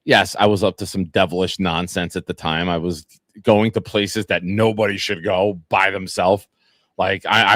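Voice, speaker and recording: A man's voice: on the low side, no room sound, clean studio sound. A man, hosting a sports talk show and chatting loosely, rambling through profane stories and fan comments. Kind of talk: casual live-stream chat reading fan comments.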